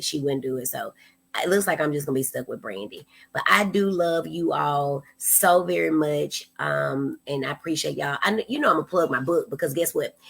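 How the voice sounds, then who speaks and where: A woman's voice: deep voice, vocal fry, husky. A woman in her thirties hosting a casual livestream, chatting playfully and talking straight to her viewers. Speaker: host.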